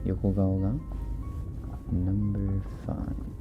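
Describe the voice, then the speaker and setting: A man hosting a livestream in a soft-spoken, laid-back way, reading chat messages and chuckling often. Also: low-pitched, monotone, brisk, narrow, tinny audio, over music. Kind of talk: casual live chat.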